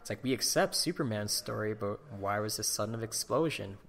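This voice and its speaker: A man's voice: fairly low pitch, lively intonation, a little fast, vocal fry, a bit bright. A man co-hosting a podcast in casual chat, opinionated and ranting about what annoys him. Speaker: podcast co-host.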